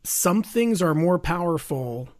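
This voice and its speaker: A man hosting a podcast, talking in a measured, thoughtful way with some hesitations. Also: a little high, animated. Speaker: podcast host. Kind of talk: casual chat.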